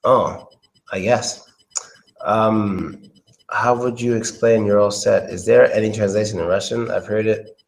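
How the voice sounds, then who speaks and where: This one is a slightly slow, gravelly, low-pitched American man with fairly even intonation, teaching English pronunciation in a chatty live-stream lesson and repeating phrases frequently. The recording quality is poor.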